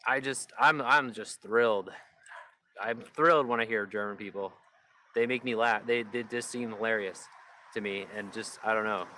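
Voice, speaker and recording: A man's voice: on the low side, normal speed, bright, forceful tone, a little hiss or hum. A man live-streaming in rambling casual chat, full of "like" fillers and restarts. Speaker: livestreamer.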